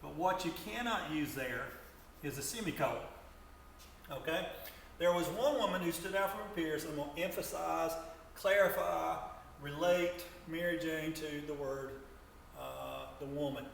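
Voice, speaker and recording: Echoey teacher speaking from afar. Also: male voice, fairly high pitch, gravelly. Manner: halting, repeats words while explaining. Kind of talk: grammar lesson to students. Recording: echoey room from far off, faint noise.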